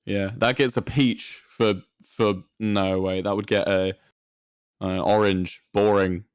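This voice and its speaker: Man, casual stream chat, blunt deadpan verdicts, dry close sound. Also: lowish voice, takes it slowly, clean tone, no room sound. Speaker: guest co-streamer. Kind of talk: casual livestream chat, reading confessions aloud.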